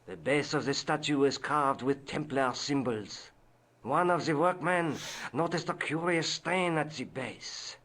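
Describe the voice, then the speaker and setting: An actor playing a learned, patient scholar who explains history in a measured way in a video game. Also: male voice, a little high, a bit bright. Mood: explaining.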